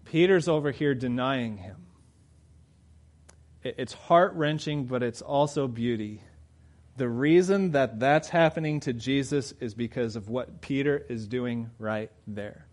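A man preaching a sermon, moving from quiet reflection to loud, fervent emphasis. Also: mid-range voice, unhurried.

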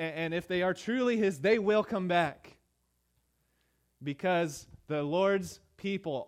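A pastor preaching a sermon in a conversational way, with many "uh" fillers and emphatic repeated phrases. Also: male voice, fairly high pitch. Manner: emphatic rhetorical repetition.

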